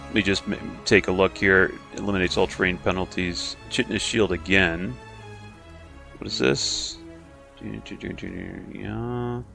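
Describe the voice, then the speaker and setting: A man's voice: low voice, steady tone, a little slow, creaky, sharp tone, soft background music. A man giving casual commentary over his own strategy game, chatty and self-mocking, thinking aloud and making playful silly noises. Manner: playful silly noises and repeated sound effects. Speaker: game streamer.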